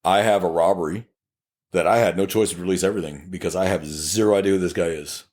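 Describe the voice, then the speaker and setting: A man's voice: sits low, fast talker. A male police investigator co-hosting a casual podcast, telling blunt, plainspoken stories about his work and acting out the exchanges. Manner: animated storyteller who acts out quoted exchanges; blunt and plainspoken, with occasional cursing.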